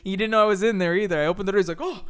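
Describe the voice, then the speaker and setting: A man co-hosting a podcast, telling a story in casual, animated chat and swearing freely. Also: high voice, racing, smooth. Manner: animated, swearing, acts out people's lines in raised voices. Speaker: podcast co-host.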